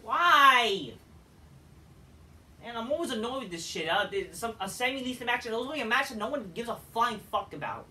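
A man's voice: very high-pitched, animated, normal speed, sharp tone, slight background noise. A man reviewing a wrestling show in a profane, exasperated, sarcastic rant. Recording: echoey room, distant mic.

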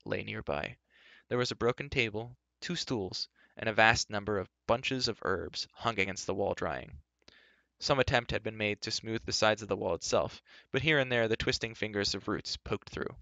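Low-voiced man reading a novel aloud. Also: dry recording. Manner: steady, measured storytelling. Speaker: reader. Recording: dull dry lo-fi recording.

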